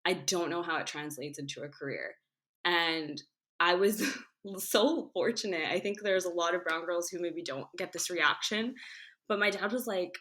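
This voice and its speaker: Young woman, twenties, low-ish voice, relaxed podcast chat with lots of "like" and playful quoting. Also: moderate pace. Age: 20s. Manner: chatty, lots of "like", acts out quoted people. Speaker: podcast guest.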